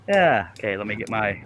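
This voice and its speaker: Folksy joking man with bright voice. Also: lowish voice, slight background noise, low-quality recording. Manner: joking, folksy, laughs often. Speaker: live-stream host, scroll saw artist. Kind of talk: casual chat while working.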